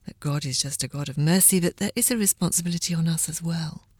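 A woman's voice: low voice, fast, darkish tone, slightly rough, no room sound, studio quality. A woman hosting a Bible discussion program, asking earnest questions. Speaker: host.

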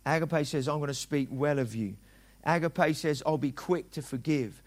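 A man's voice: fairly high pitch, moderate pace. A middle-aged man preaching a sermon as a pastor, talking conversationally and acting out dialogue in quoted voices.

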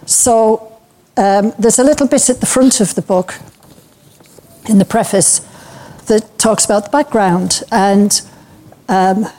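A woman's voice: medium pitch, dark tone. A woman giving an informal, anecdotal talk to a church group. She speaks in a chatty way, with plenty of fillers and light laughter. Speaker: speaker at a church breakout session.

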